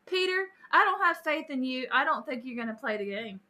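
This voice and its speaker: Chatty high-voiced woman streamer. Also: sharp tone. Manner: chatty, reads out chat and greets viewers by name, laughs often. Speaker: live stream host. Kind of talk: casual live-stream chat with viewers.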